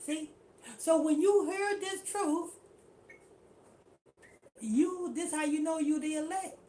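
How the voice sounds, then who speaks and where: Speaking slowly in a very high-pitched yet dark voice with a steady tone, a woman teaches scripture street-style. She's slangy and repetitive, forever tacking on "you know what I'm saying."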